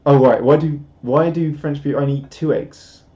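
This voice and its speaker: A man's voice: fairly high pitch, steady tone, normal speed. A man chatting casually on a live stream, rambling and self-deprecating as he reads out viewer comments. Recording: dull lo-fi stream audio.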